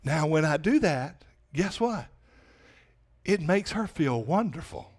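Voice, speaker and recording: Male pastor, sermon, high voice, chatty preaching style, rhetorical questions. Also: very animated, slow, husky.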